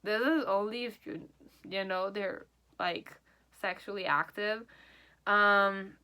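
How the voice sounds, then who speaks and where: A woman's voice: medium pitch, steady tone, slow, bright, forceful tone. A woman giving a pick-a-card tarot reading, speaking in first person as the person being read. She rambles and hedges, often checking in with "okay?". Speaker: tarot reader.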